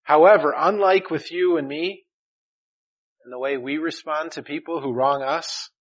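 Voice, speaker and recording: A man preaching a sermon earnestly, rising in volume on key phrases and dropping softly at the ends of lines. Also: mid-range voice, low-quality recording. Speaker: pastor.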